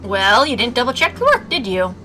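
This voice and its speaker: With game music in the background, a woman streamer reads a visual novel aloud and adds snarky asides between the narration. Her voice is on the high side, sing-song, and a little fast.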